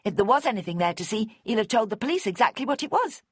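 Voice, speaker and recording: A woman voicing an earnest young female shop assistant who speaks high and eager and leaps to defend others. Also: sing-song, fast talker, husky, no echo, studio quality. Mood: smug.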